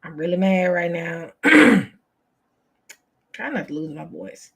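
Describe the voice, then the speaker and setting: A woman's voice: lowish voice, sing-song, slow pace, a bit bright, a little hiss or hum. A woman, hosting a casual chat for her viewers, exasperated and chatty, calling them y'all. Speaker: channel host.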